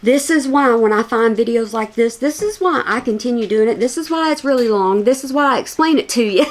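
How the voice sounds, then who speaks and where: A woman's voice: a little high, lively intonation, a little fast, few pauses. A woman giving reaction commentary, emphatic and scornful, repeating her points for stress. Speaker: commentary YouTuber. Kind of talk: reaction commentary on video clips.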